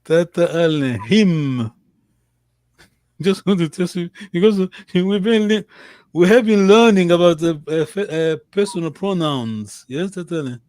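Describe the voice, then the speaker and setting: A man leads a language class in a slow, unhurried way, with a voice pitched a bit high for a man. He coaches his students patiently and praises them warmly. His voice sounds close and dry, with almost no room sound. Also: no echo. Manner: slow, patient, encouraging drills. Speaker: language teacher. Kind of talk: online language lesson.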